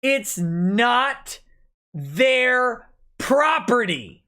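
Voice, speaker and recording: A man's voice: very high voice, very animated, drawn-out words, bright, forceful tone. A drunk man hosting a late-night livestream, ranting angrily and swearing a lot. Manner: angry, profane ranting. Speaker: livestream host.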